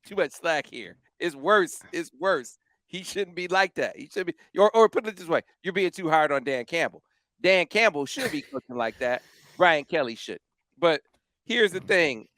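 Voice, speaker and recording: A man hosting a sports podcast, talking in an animated, emphatic and exasperated way. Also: a little high, normal speed, dry recording, clean studio sound. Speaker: podcast host. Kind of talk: casual sports podcast chat.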